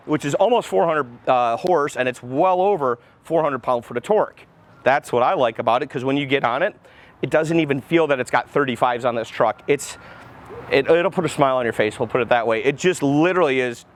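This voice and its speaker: A man giving a casual, rapid, enthusiastic walkaround of a pickup truck as a car salesman, outdoors beside the vehicle. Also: mid-range voice.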